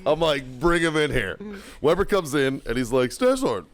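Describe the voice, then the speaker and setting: A man's voice: medium pitch, normal speed, no room sound. A man hosting a podcast, telling a story in a casual, profane way and laughing through it. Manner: swears constantly, laughs through his own story.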